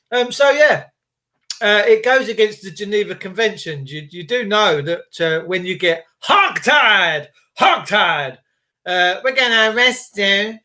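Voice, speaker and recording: A man's voice: high voice, pushed and bright. A man, hosting a casual livestream, rambling and indignant as he greets viewers by name. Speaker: livestream host.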